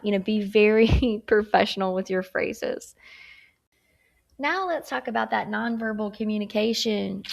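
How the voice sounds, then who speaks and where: Woman instructor with a gravelly edge, chatty, keeps asking "okay?" while she teaches a lesson. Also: mid-range voice, measured pace. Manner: acts out tone examples. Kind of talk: recorded workplace skills lesson.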